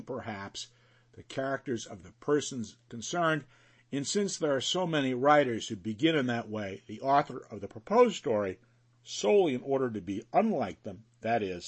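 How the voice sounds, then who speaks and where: A man narrating a classic novel in an expressive, storytelling way. His voice is husky and sits in a middle range. His delivery swings widely in pitch as he shapes each sentence. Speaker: audiobook narrator. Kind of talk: scripted narration.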